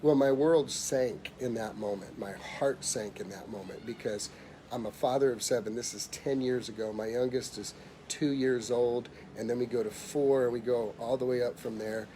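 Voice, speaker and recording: A middle-aged man giving a motivational talk, telling a personal story emphatically and dropping quiet when he voices others. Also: mid-range voice, fairly even intonation, normal speed, a little hiss or hum. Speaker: motivational speaker.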